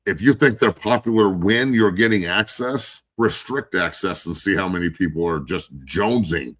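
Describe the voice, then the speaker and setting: A man's voice: deep voice, moderate pace, fairly bright tone. A man hosting a sports talk show, a former player who tells locker-room stories in a casual, profane way. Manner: profane, storytelling, does voices of others. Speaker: podcast host, former player.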